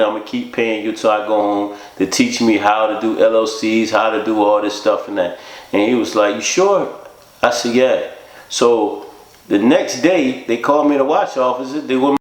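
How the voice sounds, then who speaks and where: Man telling his story in an echoey room. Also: fairly low pitch. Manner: rambling, fills with "you know" and "man", acts out both sides of quoted talk. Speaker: storyteller recounting his own life. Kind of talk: casual spoken storytelling.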